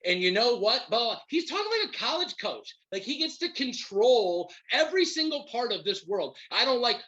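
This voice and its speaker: A man's voice: very high-pitched, moderate pace, hardly any pauses, muffled recording. A man hosting a podcast, ranting about his football team in heated, profane commentary. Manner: profane, heated, animated rant. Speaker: podcast host. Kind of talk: ranting sports fan commentary.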